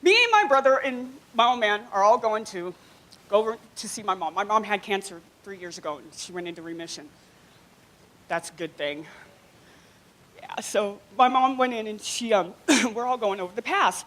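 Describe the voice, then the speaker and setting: On a small club stage, a woman tries stand-up comedy for the first time, speaking in an animated way with a medium-pitched voice and giggling at her own jokes.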